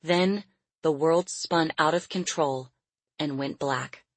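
A woman narrating an audiobook in a steady, measured storytelling manner. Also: sits low, dry recording, poor audio.

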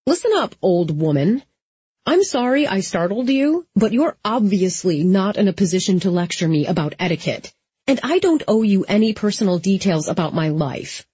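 A woman voicing a sharp-tongued, sarcastic young woman in an audiobook. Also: fairly low pitch, animated, takes it slowly, husky, dry recording, full character voice. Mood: snappy. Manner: sarcastic, snappy. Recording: slightly dull lo-fi.

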